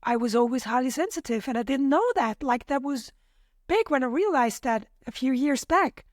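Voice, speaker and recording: A woman's voice: sits high, animated, moderate pace, dry recording, studio quality. A woman, a podcast guest sharing her own experiences in a thoughtful, hesitant way with many fillers. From Austria. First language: German. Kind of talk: reflective personal conversation.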